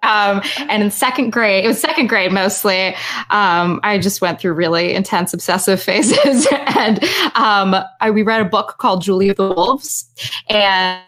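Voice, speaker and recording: A woman's voice: medium pitch, a little slow, fairly bright tone. A woman guest on a fan podcast, telling a personal story and laughing at herself. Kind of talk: casual livestream chat.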